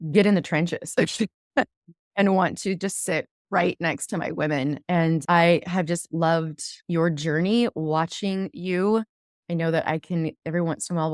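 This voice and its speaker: A woman's voice: lowish voice, dry recording, studio quality. A woman hosting a podcast as a divorce coach, effusive and heartfelt, saying "amazing" a lot and getting choked up at times. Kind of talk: emotional podcast interview.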